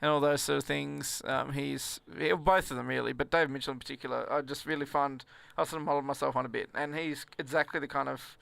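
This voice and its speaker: A man's voice: medium pitch, steady tone, quick pace, gravelly, few pauses, a bit bright, no room sound. A man, a comedian chatting as a podcast guest, rambling with restarts and frequent laughter. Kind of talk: casual podcast chat.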